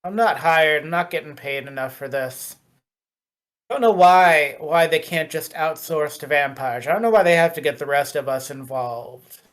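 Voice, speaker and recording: A game master voicing a weary, grumbling middle-aged male fast food manager who mutters to himself. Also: mid-range voice, lightly acted.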